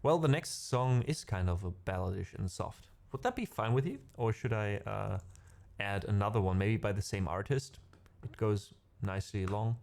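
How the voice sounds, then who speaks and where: A middle-aged man with a German accent speaks in a lowish, somewhat dark voice with vocal fry, at a moderate pace. He's a musician chatting casually with his stream viewers and live chat, rambling along with plenty of fillers.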